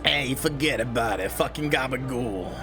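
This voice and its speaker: A man's voice: medium pitch, normal speed, music in the background, natural voice. A man putting on an exaggerated New York accent to play a crude, swaggering Italian-American tough guy.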